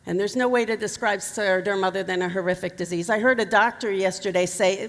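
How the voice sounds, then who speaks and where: A woman's voice: medium pitch, fast, hardly any pauses, long reverb tail. A middle-aged woman telling a personal story to a conference audience, candid and emotional with touches of humor. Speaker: keynote speaker. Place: conference hall.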